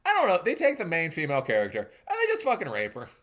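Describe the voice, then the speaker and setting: A man streaming a casual rant, laughing often and jumping into loud mocking voices as he answers chat. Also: on the high side, wildly swooping pitch, fast talker. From New Zealand.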